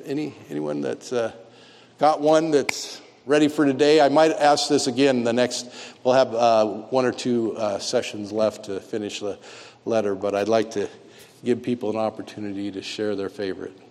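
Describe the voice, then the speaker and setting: A man leading a church sermon and inviting the congregation to share, speaking haltingly with many fillers. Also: mid-range voice, level tone, vocal fry, a little mellow. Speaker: pastor. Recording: long reverb in a church.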